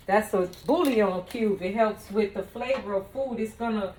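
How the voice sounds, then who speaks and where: A woman's voice: medium pitch, normal speed, a little mellow, a little hiss or hum. A woman cooking in her home kitchen, chatting playfully and talking straight to her viewers. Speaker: home cook and vlogger. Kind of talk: casual cooking demonstration.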